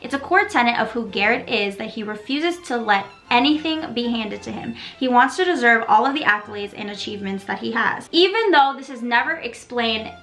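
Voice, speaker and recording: A woman's voice: fairly high pitch, animated, a little fast, hardly any pauses, a bit bright, faint music behind. Sassy young woman recapping a show. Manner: playful and gossipy, sassy asides and acted quotes. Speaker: video creator recapping a TV episode. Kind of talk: casual recap commentary.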